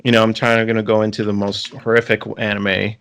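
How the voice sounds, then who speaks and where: A man co-hosting a podcast, talking casually and haltingly, with frequent ums and restarts. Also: on the low side, level tone, fairly bright tone, smooth. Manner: hesitant, lots of ums and restarts. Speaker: podcast co-host. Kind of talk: casual chat.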